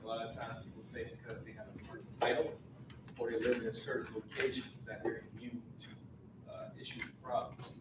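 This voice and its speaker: A man's voice: medium pitch, far from the mic. A man moderating a community forum, speaking in an earnest, encouraging way. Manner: earnest, encouraging, builds to emphatic. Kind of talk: public forum talk. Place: community meeting room. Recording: echoey room recorded from afar, noisy.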